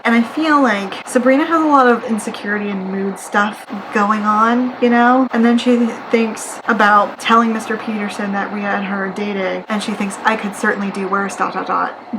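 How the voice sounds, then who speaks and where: A woman's voice: medium pitch, steady tone, moderate pace, few pauses. A woman giving a casual, ranting book review at home, sarcastic and chatty, laughing often as she paraphrases scenes. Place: home apartment. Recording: noisy with air-conditioner hum. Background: air conditioner hum.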